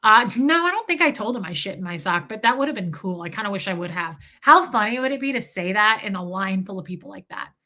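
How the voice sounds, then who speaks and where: A woman's voice: mid-range voice, expressive, quick pace, few pauses, bright, forceful tone. A tired woman in her forties telling a story on a live stream, rambling and swearing and reading viewer comments aloud. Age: 40s.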